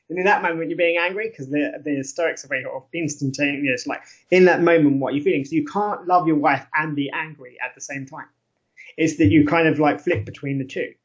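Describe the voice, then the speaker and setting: A man's voice: on the high side, fast talker. A man speaking as an academic podcast guest, explaining ideas conversationally, often laughing and correcting himself mid-sentence. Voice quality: animated, laughs often, frequent self-corrections. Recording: muffled lo-fi audio.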